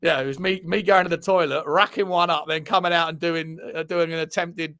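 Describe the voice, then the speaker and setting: A man's voice: a little high, fairly even intonation, a little fast, sharp tone. A man with an English accent hosts a live show, chatting casually with viewers and reacting to their messages. He swears freely and laughs at himself as he tells stories. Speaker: host of a live fan show.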